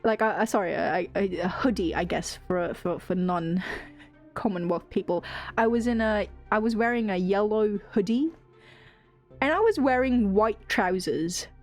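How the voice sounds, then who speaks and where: A woman's voice: mid-range voice, a little slow, soft background music. A woman streamer telling a rambling story in casual chat. She swears freely and laughs often.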